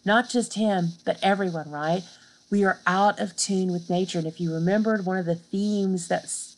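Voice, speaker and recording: A woman's voice: lowish voice, a little mellow, rough recording. A woman giving a recorded literature lecture over slides, explaining in a casual way and checking in with a frequent "right?". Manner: casual teaching with fillers.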